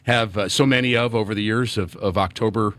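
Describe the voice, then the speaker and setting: A man's voice: on the low side, fairly even intonation, a little fast, fairly bright tone, no room sound. A middle-aged man, a former player turned radio broadcaster, talking earnestly in a sports radio pregame chat with many fillers and restarts.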